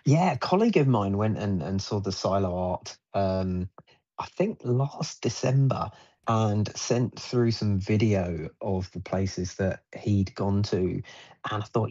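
A man joins a radio show as a travel guest, rambling enthusiastically with lots of fillers and restarts. His voice sits a little low. The line sounds dull and lo-fi. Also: unhurried, mellow. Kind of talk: radio interview chat.

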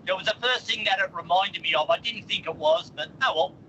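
Man, radio caller, laid-back, joking, high bright voice, faint background noise. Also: brisk, muffled recording.

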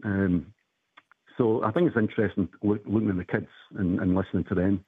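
Husky low-voiced man on a phone line. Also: fairly even intonation, brisk, dry recording. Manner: hesitant, rambling with fillers. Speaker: caller. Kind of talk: casual phone chat.

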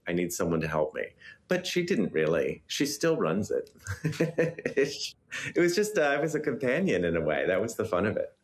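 A man in his fifties from the United States, talking about his novel in a relaxed, chatty way with an easy laugh. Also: mid-range voice, moderate pace. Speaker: novelist guest. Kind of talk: interview conversation.

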